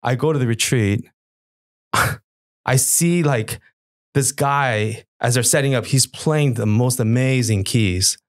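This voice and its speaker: A man's voice: slow, dry recording. A middle-aged man, a guest on a podcast, telling stories and acting out old conversations. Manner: animated, acts out past dialogue with lively pitch jumps. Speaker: guest, worship musician. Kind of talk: casual storytelling interview.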